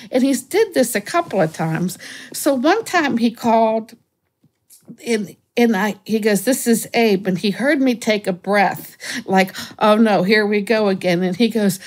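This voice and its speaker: A woman guest in an interview, telling a story in a casual, animated way, often restarting her sentences and acting out the people she talks about. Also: measured pace. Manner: animated, acts out callers with raised pitch, frequent restarts. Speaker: guest, former remote viewer.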